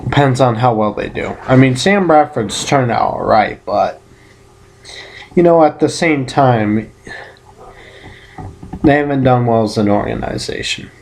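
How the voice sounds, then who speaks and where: A man's voice: medium pitch, animated, a little slow, creaky, pauses often, darkish tone, slight background noise. A man in a casual solo vlog giving sports predictions, rambling and correcting himself with playful exclamations. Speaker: vlogger giving football predictions.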